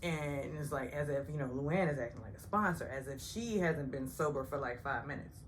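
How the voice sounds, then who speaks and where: A woman recapping a reality TV episode in a chatty, sarcastic way, putting on high voices when she quotes the cast. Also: moderate pace, slight background noise. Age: older. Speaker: recap host. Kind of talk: casual TV recap vlog.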